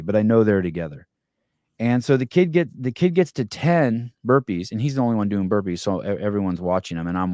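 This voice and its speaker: A man with a fairly low voice hosts a podcast and spins a rambling, profane anecdote, full of restarts and asides. His delivery is animated and chatty. The recording is close and dry, with no room sound. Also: no room sound. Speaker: podcast host. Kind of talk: casual storytelling.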